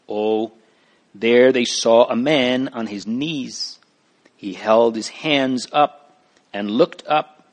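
A man narrating a storybook in a measured, deliberate reading. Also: mid-range voice.

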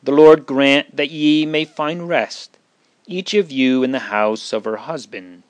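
A man's voice: medium pitch, takes it slowly, no echo, natural voice. A man voicing a grieving elderly widow, earnest and pleading, in a read-aloud Bible story. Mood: tender.

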